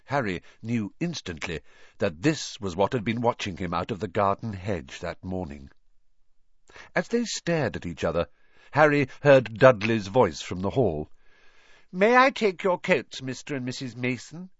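A man's voice: fairly low pitch, no room sound. A man narrating a fantasy novel aloud as an audiobook reader. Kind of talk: scripted narration. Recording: dull lo-fi dry recording.

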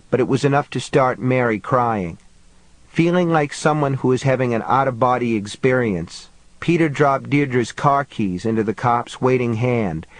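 A man narrating an audiobook in a measured, steady storytelling manner. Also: medium pitch, dry recording, low-quality recording. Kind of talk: scripted narration.

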